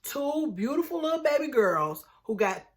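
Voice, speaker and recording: A woman's voice: high voice, big pitch swings, normal speed. A woman casually recapping a reality TV episode, chatty and exclamatory, acting out what the people said. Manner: chatty, exclamatory, acts out quotes in dropped voices.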